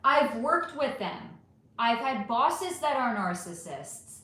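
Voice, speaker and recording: A woman's voice: fairly high pitch, sing-song, slow pace, sharp tone. A middle-aged woman hosting a casual livestream, reading chat comments aloud and ranting with plenty of swearing. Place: home room. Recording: echoey room.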